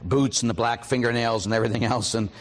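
A man's voice: mid-range voice, fast, in a large hall. A middle-aged male priest preaching a mission talk, telling personal stories and asking the audience questions. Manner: storytelling, lively quoted voices, asks audience questions.

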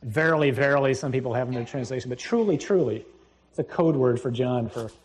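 A man preaching a sermon, reading scripture aloud and explaining it in a conversational way, with sudden jumps in pitch and loudness for emphasis. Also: steady tone, fast, low-quality recording.

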